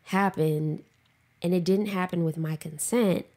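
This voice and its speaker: Woman cohost telling a personal story, raw and emotional, lots of "like", some fry in the voice. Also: fairly low pitch, steady tone, unhurried, darkish tone. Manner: frank, emotional, swears freely, heavy use of "like". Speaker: podcast co-host.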